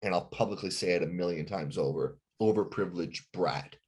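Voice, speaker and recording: A man's voice: low-pitched, a little fast, darkish tone, breathy edge. A man, a rock band frontman, telling a heated story on a podcast with plenty of profanity and acted-out quotes.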